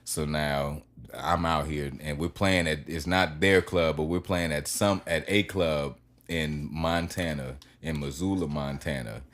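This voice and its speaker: A man in his thirties with a very deep, low voice sits in as a podcast guest. He tells long, rambling stories in a loose, casual way, full of fillers and the occasional curse word. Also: fairly even intonation, a little slow, a bit bright. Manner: rambling anecdotes with fillers and profanity.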